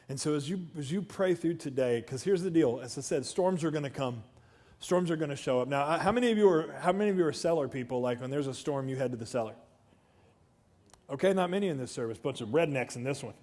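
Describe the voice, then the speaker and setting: A middle-aged man, preaching a sermon as pastor and telling a story with swings from quiet talk to shouting. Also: a little high, expressive, fast. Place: church sanctuary.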